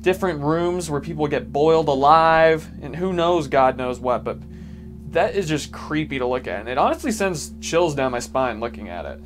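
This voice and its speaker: A man's voice: a little high, animated, moderate pace, faint music behind. A man narrating a history vlog, joking and irreverent between facts. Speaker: video essay host.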